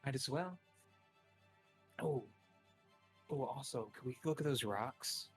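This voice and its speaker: Offhand man player, mid pitch. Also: slow pace, faint music behind. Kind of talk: playing a tabletop game on a stream.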